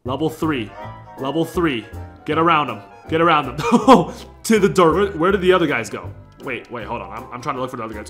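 Hyped man yelling at a mobile game. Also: mid-range voice, lively intonation, a little fast. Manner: hyped, yells at the game, jokey trash talk. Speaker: gaming YouTuber. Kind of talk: excitable gameplay commentary. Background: background music.

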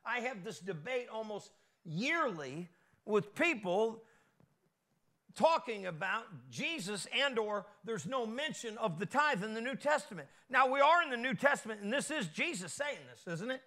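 A man preaching a sermon as pastor, folksy and lively, with call-and-response asides to the congregation and a Midwestern American accent. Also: very high voice, normal speed.

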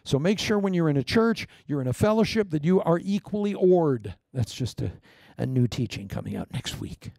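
Male pastor, middle-aged, gravelly dark tone, playful sermon delivery with loud peaks and murmured asides. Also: a little high, normal speed, few pauses, no room sound, studio quality. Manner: lively, joking, swings between loud proclamations and quiet asides.

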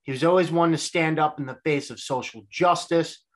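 A man's voice: fairly high pitch, normal speed. A man in his twenties hosting a solo sports podcast, talking in an earnest, reflective, conversational way. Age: 20s. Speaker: podcast host.

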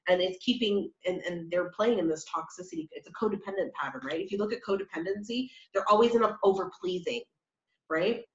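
A woman's voice: mid-range voice, fairly quick. A woman giving a casual tarot reading, talking in a chatty, rambling way with many fillers. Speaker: tarot reader. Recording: roomy, slightly dull sound.

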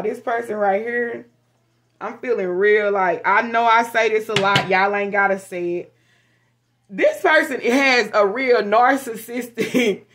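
A tarot reader chats casually with her viewers as she reads the cards, speaking frankly, swearing freely and laughing easily. She is animated, and her voice runs slightly high.

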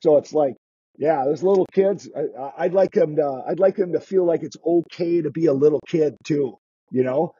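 A skating instructor chats in a podcast interview, restarting sentences and acting out what kids say. His voice is warm, breathy and on the high side at a moderate pace, with no echo but a muffled recording.

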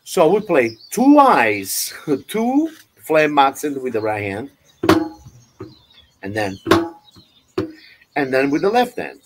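A man with an Italian accent teaching an online drum lesson, loosely explaining with many "you know"s and counting beats out loud. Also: medium pitch, very animated, slow, long pauses, noisy background. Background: drum playing.

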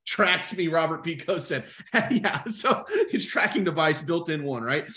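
A young adult man coaching insurance agents in a live webinar, energetic and talking straight to the chat. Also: a little high, a little slow. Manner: energetic, animated, talks to the chat.

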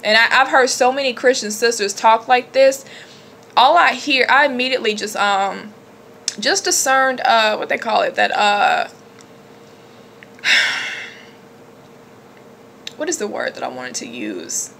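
A woman talks to her viewers in a loose, emphatic way, leaning hard on her points. Her tone is bright and forward. A faint hiss sits under the recording. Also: on the high side, a little slow, vocal fry. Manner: animated, emphatic, chatty with laughs. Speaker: religious vlogger. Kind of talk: casual spiritual talk to camera.

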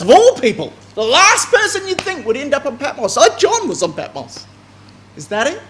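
Lively man giving a bible class. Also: extremely high pitch, moderate pace, slight background noise. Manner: lively, emphatic, with asides and restarts. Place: meeting hall.

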